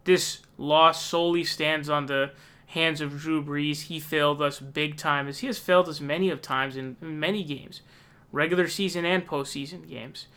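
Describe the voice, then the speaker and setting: A young man vents in a frustrated, profane rant, his voice pitched slightly high and sharply bright. His tone stays clear and crisp as he keeps returning to exasperated outbursts. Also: steady tone, normal speed. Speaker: sports fan ranting. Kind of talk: angry casual rant.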